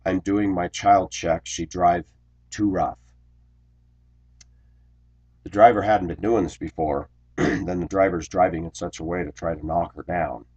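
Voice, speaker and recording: A man who drives a school bus, telling a workplace grievance story in an indignant, complaining way, clearing his throat often. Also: sits low, steady tone, a little slow, pauses often, darkish tone. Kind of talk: ranting personal storytelling vlog.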